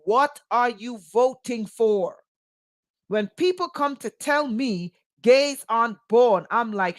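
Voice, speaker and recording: Casting: woman, spiritual teacher, slightly high voice, deliberate pace, emphatic and sarcastic. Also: expressive. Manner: emphatic, rhetorical questions, sarcastic asides. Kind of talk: impassioned spoken monologue.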